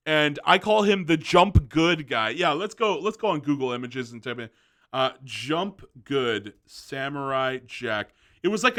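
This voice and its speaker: A man's voice: on the high side, bright, forceful tone. A young man giving a casual, rambling movie review, often restarting his sentences.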